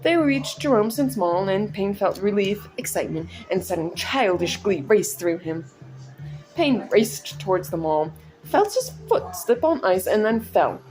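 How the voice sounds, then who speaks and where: A woman's voice: mid-range voice, big pitch swings, a little slow, a little mellow, soft background music. A woman reading her own story aloud in a casual, chatty way, breaking off into personal asides and laughing at her stumbles.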